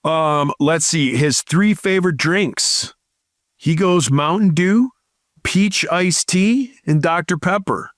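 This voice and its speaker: A man's voice: on the high side, slow pace, a bit bright, no room sound. A man co-hosting a casual podcast, reading out listener profiles and adding dry comments. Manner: reads listener profiles aloud with dry asides. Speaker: podcast co-host.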